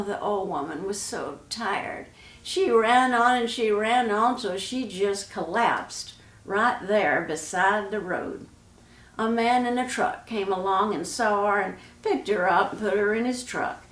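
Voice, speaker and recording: A woman telling a folk tale in a slow, homespun, intimate way, as a storyteller. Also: mid-range voice. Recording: roomy echo.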